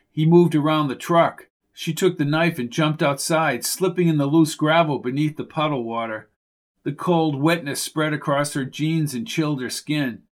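A man reading a suspense novel aloud in a measured, steady narration. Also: fairly high pitch. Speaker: audiobook narrator. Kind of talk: scripted narration.

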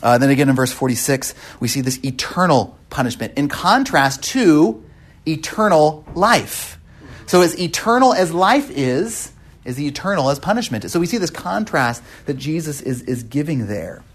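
Breathy man teaching a Bible class. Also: on the high side, big pitch swings, normal speed. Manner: repeats words often, asks the group questions. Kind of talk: classroom Bible study lesson.

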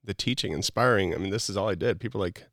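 A middle-aged man with a low voice and a gravelly rasp that creaks through his sentences. He talks as a podcast guest in a casual but preachy, motivational way, leaning on "like" as a filler. The sound is dry and close, with no room echo. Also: rapid-fire, a bit bright. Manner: earnest and preachy, many "like" fillers.

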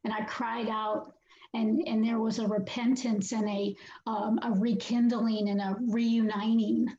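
Woman telling her faith story, halting and sincere, roomy dull audio w faint hum. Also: fairly high pitch, little pitch movement, dark tone. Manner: heartfelt, halting, many "you know"s. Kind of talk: personal testimony in a devotional talk.

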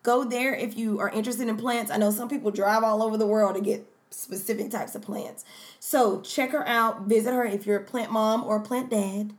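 A woman co-hosting a laid-back podcast conversation. She speaks in a playful, animated way and drifts easily from one topic to a side story. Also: a little high, moderate pace. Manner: animated, playful, goes off on tangents. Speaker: podcast co-host. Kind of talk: casual chat.

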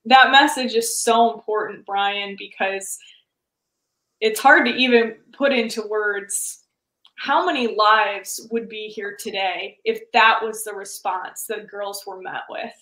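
A woman hosting an interview, making her points in a clear, steady and persuasive way. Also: mid-range voice, unhurried. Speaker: interview host. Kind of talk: conversational interview. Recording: roomy echo.

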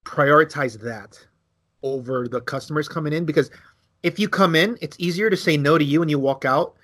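Animated man telling a story. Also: fairly quick. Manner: animated, acts out quotes with big pitch jumps; swears freely. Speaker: podcast co-host. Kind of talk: casual storytelling chat.

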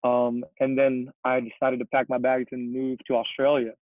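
A man's voice: medium pitch, moderate pace, no room sound. Young man on a tinny remote line. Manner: relaxed, rambling with fillers. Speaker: podcast guest, CrossFit coach. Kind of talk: casual podcast chat.

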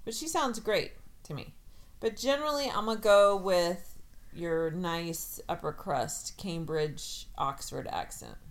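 A woman's voice: fairly low pitch, a little slow. A middle-aged woman co-hosting a podcast in casual, rambling chat, laughing often. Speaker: podcast co-host.

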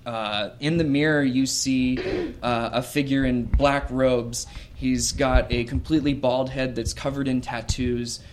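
Male game master, mid-pitched, halting narration with fillers, faint background hiss. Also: fairly even intonation. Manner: hesitant, many fillers and restarts.

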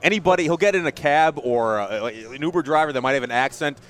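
A man hosting a radio interview, casual and quick to laugh. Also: on the high side. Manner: animated, laughing. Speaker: radio host.

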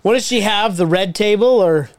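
A man's voice: sits high, no room sound. A man co-hosting a casual podcast, throwing in short crude jokes and reactions. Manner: slow, drawling, crude jokes, short interjections. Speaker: podcast co-host. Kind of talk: casual chat.

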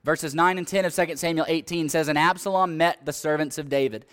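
A man's voice: fairly high pitch, fairly even intonation, fairly quick, a bit bright, smooth. A man preaching a sermon, telling a Bible story and reading scripture aloud, building up energy at the dramatic parts. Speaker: pastor.

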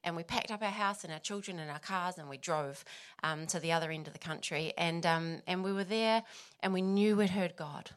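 A woman's voice: lowish voice, a little fast, hardly any pauses. A woman, a pastor's wife sharing her personal testimony, emotional at times and laughing between phrases.

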